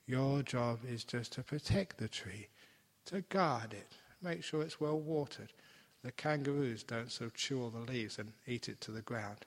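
A man giving a gentle, playful meditation talk as a teacher, slowing down for emphasis. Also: mid-range voice. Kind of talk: dharma talk. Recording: long hall reverb.

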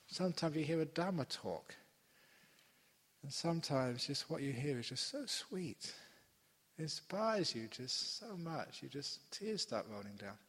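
An older man giving a Buddhist dharma talk at a retreat, telling stories in an animated, playful way with laughs and asides. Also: fairly high pitch, breathy edge. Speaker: Buddhist monk teaching a retreat. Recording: long hall reverb.

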